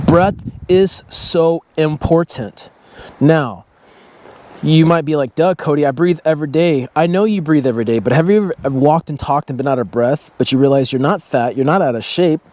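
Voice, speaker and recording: A man's voice: on the high side, darkish tone. A man giving a casual motivational talk about breathing, blunt and swearing freely, speaking straight to his viewers. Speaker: self-help vlogger.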